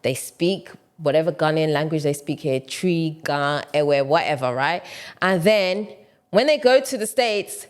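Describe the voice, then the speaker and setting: Woman, lowish voice, vlog host; chatty explainer, relaxed opinion piece. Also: measured pace. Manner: conversational, explanatory, frequent "like, you know". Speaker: vlogger and channel host. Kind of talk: casual opinion commentary to camera.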